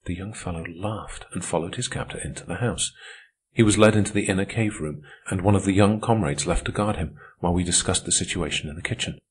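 A man reading an audiobook as narrator, in a measured, steady way. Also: deep voice, breathy edge. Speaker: audiobook reader. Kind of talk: scripted narration.

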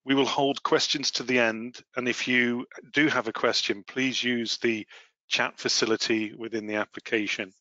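A man hosting a professional webinar, presenting in a measured, formal way with the odd filler. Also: mid-range voice, fairly even intonation, bright, forceful tone, no echo. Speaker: webinar host and asset management lead. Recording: slightly muffled, dry webinar audio.

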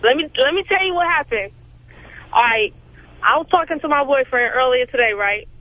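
A woman's voice: high voice, lively intonation, fairly quick, no echo. Brash woman from Brooklyn on a tinny phone line. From Brooklyn, New York. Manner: agitated, brash, streetwise. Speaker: caller. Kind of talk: phone-in call.

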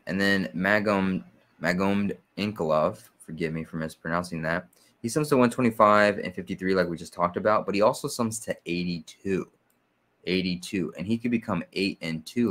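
A man with a low-sitting voice runs his own sports picks channel, and in this casual explanatory walkthrough he goes through his figures step by step. His delivery is steady and methodical, peppered with fillers.

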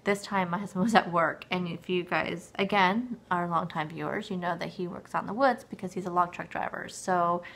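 Woman in her forties, low-pitched, gravelly, dry throat, rambling chatty vlog talk at home. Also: fairly bright tone. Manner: rambling, filler-heavy storytelling with many restarts. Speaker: weight-loss vlogger. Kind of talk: casual chat to camera.

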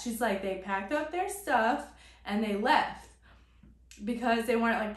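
A young adult woman telling a personal story to her vlog audience in a casual, chatty way, full of "like" fillers. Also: fairly high pitch. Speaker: vlogger. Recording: echoey room.

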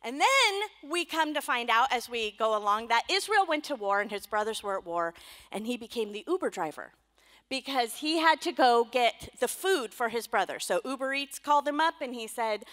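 A woman pastor preaches with playful, animated storytelling and quick asides. Her voice is high, bright and lively, swinging widely in pitch. A long reverb fills the church around her. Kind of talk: sermon. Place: church sanctuary.

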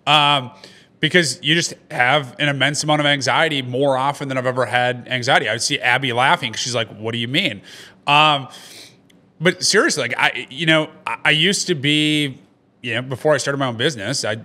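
A man with a bright, forceful voice in a relaxed podcast conversation. He talks frankly, swears often, and tells stories with energy. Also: mid-range voice, a little fast. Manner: candid, swears freely, animated storytelling. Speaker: podcast co-host, start-up founder. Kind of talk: casual podcast chat.

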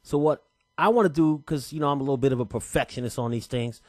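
A man presenting a software tutorial in a relaxed, chatty way, talking through each step with casual slang. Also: mid-range voice, fast talker, no room sound, clean studio sound. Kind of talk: casual screen-recorded tutorial.

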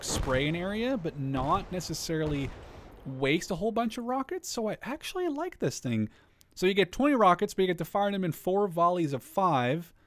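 A man commentating on a strategy game as he plays, chatty and thinking aloud, with quick startled exclamations. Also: a little high, a little hiss or hum. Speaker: gameplay commentator. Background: gunfire and artillery from the game.

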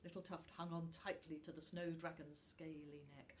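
A woman reading a children's storybook aloud slowly and expressively. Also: low voice, a little hiss or hum. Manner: slow and expressive.

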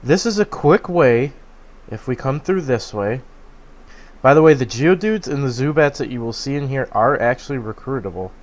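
Guy narrating his game playthrough, laid back and slow, lots of ums. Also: medium pitch, animated. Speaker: gameplay commentator. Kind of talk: let's play commentary.

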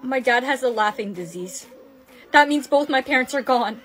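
A woman's text-to-speech voice reading comedy skit lines with an even synthetic delivery. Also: sits high, normal speed.

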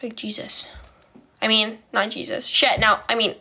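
A young adult woman from Poland answers viewer comments on a live phone stream, talking like a valley girl and stuttering often. Her voice is on the high side, steady, creaky, pushed and bright, at a normal speed.

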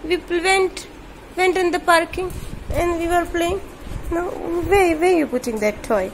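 A woman's voice: extremely high pitch, a little slow, slight background noise. A woman talks at home to her pet dog and to her viewers. She scolds and coaxes the dog playfully. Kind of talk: casual talk to a pet and viewers. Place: at home indoors.

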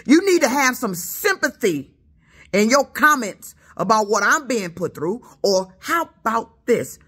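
A woman's voice: fairly high pitch, very animated, unhurried, a bit bright, breathy edge. Indignant Detroit woman with a Southern lilt. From Detroit, USA. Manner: indignant, stammering, repeats herself. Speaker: YouTuber. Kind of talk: angry rant at commenters. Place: apartment, sitting on the couch.

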